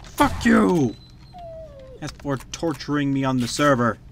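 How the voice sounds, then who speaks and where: A gamer giving rowdy commentary on his own play, loud, shouting and swearing constantly at the game. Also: medium pitch, big pitch swings, unhurried, creaky, slight background noise.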